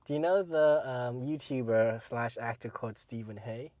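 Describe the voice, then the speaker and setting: A man co-hosting a casual podcast, rambling with many fillers and letting his sentences trail off quietly. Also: medium pitch, moderate pace, dry recording, dull audio. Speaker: podcast co-host.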